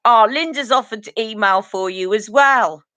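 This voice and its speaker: A woman's voice: a little high, normal speed, pushed and bright, no echo. A woman hosting a beauty live stream, chatting earnestly and directly to her viewers. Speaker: beauty channel host. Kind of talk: casual live-stream chat.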